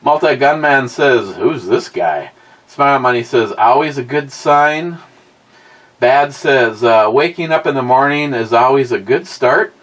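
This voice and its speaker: Livestream host, male, mid-range voice, slow rambling delivery, blunt and profane. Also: medium pitch, expressive, fairly bright tone, low-quality recording. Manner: rambling, blunt, swears freely. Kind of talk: casual chat, reading viewer comments aloud.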